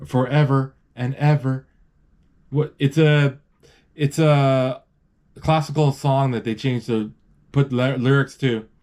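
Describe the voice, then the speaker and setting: A man talking through a cartoon movie as it plays, casual and loose. He rambles, stops mid-word and starts over, and reads out lines from the screen. His pitch sits in an ordinary middle range. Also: fairly even intonation, slow, pauses often, a little mellow. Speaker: movie describer. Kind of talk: casual live movie narration.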